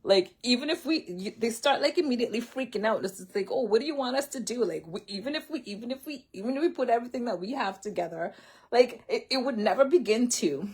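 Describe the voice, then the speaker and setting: A woman's voice: a little high, animated, fast, a little mellow, husky. A woman giving a casual sermon-style talk, chatty and full of "like", laughing lightly as she retells scripture in her own words. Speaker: faith speaker.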